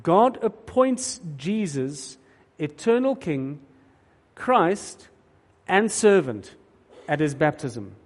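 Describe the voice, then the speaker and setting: Earnest preacher in a reverberant hall. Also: male voice, on the high side, big pitch swings, slow pace. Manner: earnest, emphatic preaching with repeated words. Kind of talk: sermon.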